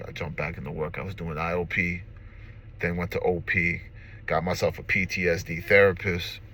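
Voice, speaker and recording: A man in his forties talks in a fairly low, tense, forceful voice. He is earnest and emotional, close to tears, and he keeps coming back to the same short slogans. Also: a little hiss or hum. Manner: earnest and emphatic, repeats slogans. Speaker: recovery vlogger. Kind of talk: personal testimony to camera. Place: car.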